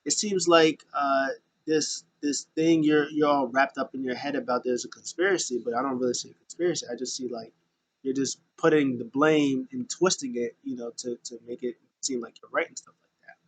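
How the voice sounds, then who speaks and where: A man's voice: medium pitch, steady tone, natural voice, poor audio. A man doing a skeptical, blunt male wrestler. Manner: doubtful, blunt, talks quickly.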